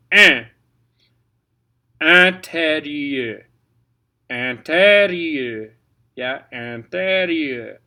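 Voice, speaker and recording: Man, choir director, French diction lesson, unhurried, bright tone, patient, spells out letters. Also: medium pitch. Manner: patient, spells out letters and models each sound.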